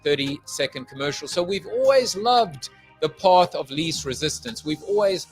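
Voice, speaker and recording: A man's voice: a little high, lively intonation, normal speed, faint music behind. Jokey, riffing male podcast host. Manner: jokey, theatrical, riffing with wordplay. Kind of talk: playful, rambling show monologue.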